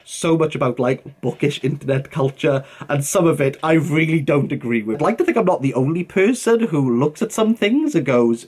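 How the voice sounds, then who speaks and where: A young man with a voice pitched a little higher than most men's, with a husky edge to it. His delivery swoops up and down as he chatters informally, leaning on fillers and British slang as a vlogger answering comments. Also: expressive, moderate pace, hardly any pauses, a little mellow. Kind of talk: casual chat to camera.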